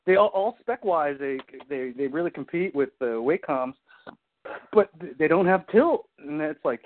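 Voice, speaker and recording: A man's voice: on the high side, lively intonation, moderate pace. Foul-mouthed rambling man on tinny audio. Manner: swears constantly, rambling, says "you know what I mean". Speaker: podcast host. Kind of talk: casual chat.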